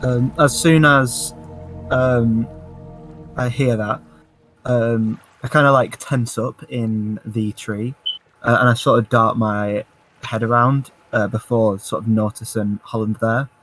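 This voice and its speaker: A man's voice: mid-range voice, fairly even intonation, takes it slowly, fairly bright tone, soft background music. A man describing his character's actions in a tabletop game, hesitant and full of fillers. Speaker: player.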